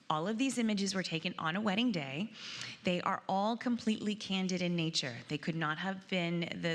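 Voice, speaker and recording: A woman's voice: lowish voice, a bit bright. A woman hosting a live awards event, chatty and informal, with a few fillers and restarts. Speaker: competition host. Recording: long hall reverb.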